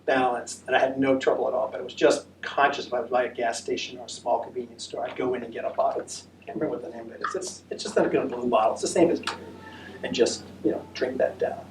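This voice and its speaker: Talking fast in a steady, medium-pitched voice, an American man tells a senior center audience about his long walk and takes questions. He rambles and chats, using many fillers. The voice sounds far away in an echoey room with faint noise.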